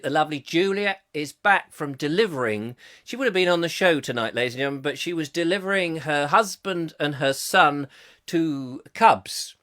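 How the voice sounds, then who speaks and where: Chatty host, lively high voice. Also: male voice, moderate pace. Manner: rambling, chatty, jokey, often laughing. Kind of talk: comic live chat show, reading out comments.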